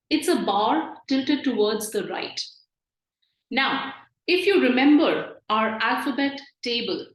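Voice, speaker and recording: A woman with a fairly high voice teaches at a very slow, deliberate pace. She explains patiently and repeats each sound. The room around her rings with echo. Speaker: French teacher. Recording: echoey room.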